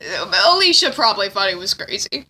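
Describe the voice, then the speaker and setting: A woman's voice: mid-range voice, very animated, fairly quick, pushed and bright, slightly rough. A young woman recapping a game plot in a casual comedic way, rambling and sarcastic, full of fillers and swearing, recorded on a phone. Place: indoors with a friend.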